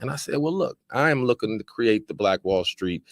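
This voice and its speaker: A man from Washington, D.C., hosting a casual podcast chat in a studio, talking loosely and giving shout-outs. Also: fairly low pitch, expressive, moderate pace, no echo. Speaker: podcast host.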